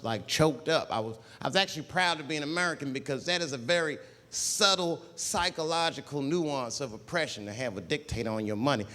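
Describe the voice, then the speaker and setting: A man performing a stand-up comedy routine on stage, talking in an animated way and jumping into loud put-on voices. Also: on the high side. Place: stage in a large hall. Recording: live hall recording, faint ambience.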